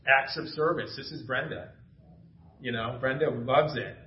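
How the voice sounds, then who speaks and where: A middle-aged pastor with a medium-pitched, unhurried voice preaches a casual, enthusiastic sermon in a church sanctuary, telling family stories with laughter. The recording is echoey and dull, with a little hiss or hum.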